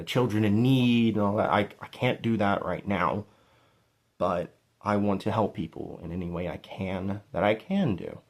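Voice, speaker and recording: A young man speaking to his viewers in an earnest, rambling and self-deprecating way, with many restarts. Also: lowish voice. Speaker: YouTuber thanking subscribers. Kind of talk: heartfelt casual vlog monologue.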